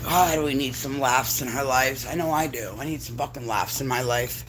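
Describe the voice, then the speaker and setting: A woman's voice: very deep voice, normal speed, a little hiss or hum, rough recording. A woman reacting casually to a video, swearing freely and scolding her dog between comments. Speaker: channel host reacting to a video.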